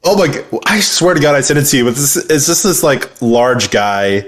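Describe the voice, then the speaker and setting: A man in his twenties co-hosting a casual chat, animated and opinionated, swearing freely. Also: medium pitch, normal speed. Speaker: podcast co-host.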